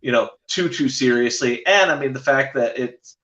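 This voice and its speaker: A man's voice: mid-range voice, moderate pace, a bit bright, echoey room, lo-fi sound. A man, a podcast guest, rambling through casual stories with many fillers and restarts. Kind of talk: casual storytelling chat.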